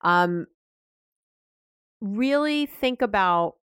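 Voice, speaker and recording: A middle-aged woman talks through parenting advice in a loose, animated way, stopping to rephrase herself and acting out what parents say. Her voice sits at an ordinary pitch. The sound is close and dry. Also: extremely slow, smooth, dry recording. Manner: conversational, animated, self-correcting, acts out parent lines. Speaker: parenting podcast host. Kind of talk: advice talk.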